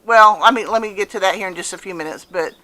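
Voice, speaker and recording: A woman's voice: mid-range voice, fast, bright, forceful tone. A woman in her fifties telling a personal story to camera in a casual, earnest way, repeating phrases for emphasis. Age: 50s. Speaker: vlogger.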